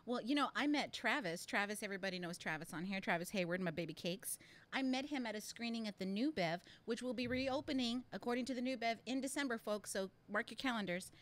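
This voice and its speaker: A woman co-hosting a podcast in casual chat, playful and quick to laugh while sharing news. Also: fairly high pitch, fairly bright tone. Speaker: podcast co-host.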